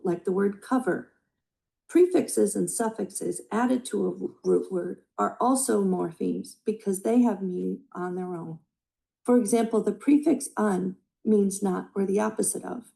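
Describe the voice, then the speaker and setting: A woman giving a scripted presentation on early language skills, reading in a measured way from prepared notes. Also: medium pitch, vocal fry, dark tone, poor audio. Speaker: student presenter.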